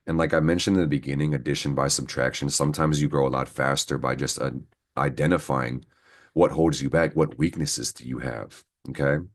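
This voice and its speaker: A man's voice: rumbling low, steady tone, fairly quick. A man giving a casual, profanity-laced astrology reading, rambling and venting heatedly as he talks to his viewers. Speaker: astrology reader. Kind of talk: casual horoscope reading to camera.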